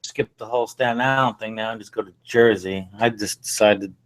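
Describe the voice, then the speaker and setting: A man's voice: lowish voice, steady tone, fairly quick, background noise. A man, a guest in a casual chat, laid-back and blunt, swearing casually. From Brooklyn, New York.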